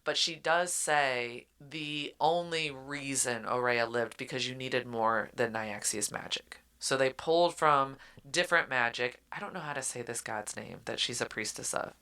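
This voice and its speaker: A woman co-hosts a book-chat podcast, walking through the plot casually. Her voice sits low but sounds bright and forward. She slips into quick acted-out lines from the characters as she goes. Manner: animated retelling, acting out characters' lines with laughs. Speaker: podcast co-host.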